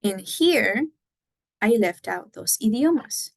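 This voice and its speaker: A woman's voice: medium pitch, animated, takes it slowly, vocal fry, no room sound, poor audio. A woman teaching a Spanish lesson, explaining patiently step by step and moving between English and Spanish. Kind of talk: recorded classroom lesson.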